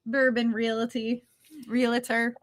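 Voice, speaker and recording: A woman's voice: fairly high pitch, flat delivery, takes it slowly, a little hiss or hum. A woman co-hosting a casual livestream, teasing her partner and reading viewer comments aloud. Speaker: livestream co-host. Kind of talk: casual chat.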